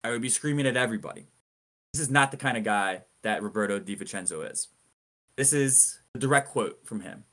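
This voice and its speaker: A man's voice: fairly low pitch, fairly quick, sharp tone. Man telling a story with dramatic emphasis. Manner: dramatic build-ups and emphasis. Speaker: podcast co-host. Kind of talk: casual storytelling.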